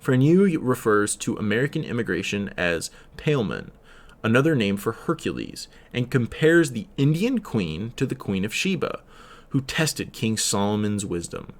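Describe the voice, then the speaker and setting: A man's voice: lowish voice, big pitch swings. A teenage boy reading poetry and study notes aloud, stumbling over words and correcting himself with frequent fillers. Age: teens. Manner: slow sing-song delivery on verse lines. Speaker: student reader.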